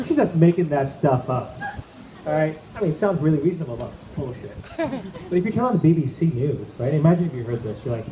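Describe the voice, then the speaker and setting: A man performs a stand-up comedy set with a slightly high voice, talking chattily and often checking in with his audience. The recording has a roomy echo and clear background noise. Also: big pitch swings, fast talker. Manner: chatty, keeps checking in with the crowd. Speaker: amateur stand-up comic. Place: event room with a live audience. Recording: echoey room with background noise.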